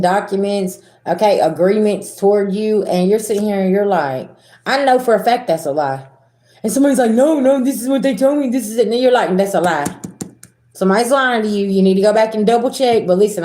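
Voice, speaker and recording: A woman's voice: mid-range voice, warm tone, echoey room. A woman with a Southern American accent giving a blunt, profane spiritual reading to her viewers, acting out arguments as she goes. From Southern United States. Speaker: spiritual reader. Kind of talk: casual tarot reading to viewers.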